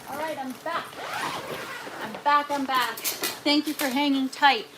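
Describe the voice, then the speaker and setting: A woman's voice: high-pitched, fairly even intonation, measured pace, background noise. A woman, hosting a casual gardening livestream from her indoor grow tent and chatting with viewers as she works. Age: 30s. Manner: chatty, talks to viewers and reads their comments aloud. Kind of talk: casual live-stream chat.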